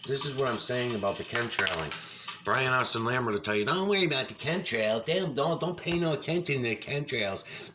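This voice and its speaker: A man with a low voice delivers an angry, profanity-laden rant as casual commentary over a video, with background noise audible. He is insistent and keeps repeating himself.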